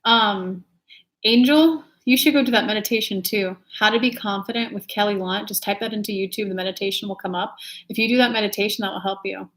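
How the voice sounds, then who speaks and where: A woman's voice: mid-range voice, a little fast, a bit bright. A woman hosting a casual live stream, chatting animatedly and reading viewer comments aloud. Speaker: intuitive reader and channel host.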